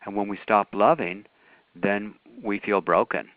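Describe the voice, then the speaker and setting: A man's voice: lowish voice, measured pace, dry recording. Man teaching over a thin call line. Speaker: workshop teacher. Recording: phone-like call audio.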